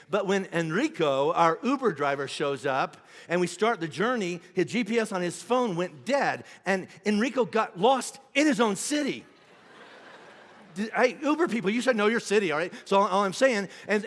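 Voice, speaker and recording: A man pastor preaching a sermon, telling a comic story with animated swings between loud outbursts and hushed asides. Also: high-pitched. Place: large church auditorium. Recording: long hall reverb.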